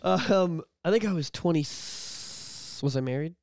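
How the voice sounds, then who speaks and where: A man co-hosting a podcast talks openly and swears freely, now and then breaking into loud shouted bits. His voice sits a little high. The sound is dry and close. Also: takes it slowly, dry recording. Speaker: podcast co-host. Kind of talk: candid casual chat.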